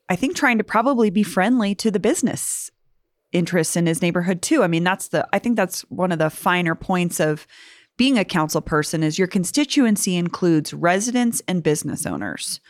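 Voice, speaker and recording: A woman's voice: on the low side, no room sound, studio quality. A woman guest explaining her views in a thoughtful, casual way. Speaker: panel guest. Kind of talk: casual discussion.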